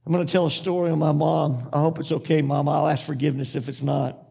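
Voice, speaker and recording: High-voiced impassioned preacher man. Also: flat delivery, quick pace, vocal fry, mellow, husky. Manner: impassioned preacher with rhythmic repetition; drops into folksy storytelling. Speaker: pastor. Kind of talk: sermon.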